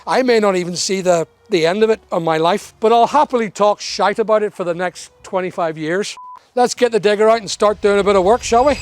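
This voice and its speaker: Walking around his building site, a vlogger fixing up a property talks casually, explains as he goes, and teases in little asides. He has a high voice and speaks a bit fast.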